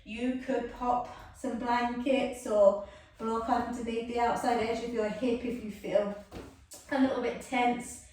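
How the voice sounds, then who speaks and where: A woman's voice: fairly high pitch, steady tone, measured pace, darkish tone, a little hiss or hum. A woman guiding a yoga class, soothing and chatty, with self-mocking asides. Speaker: yoga instructor. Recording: echoey room, mic far off.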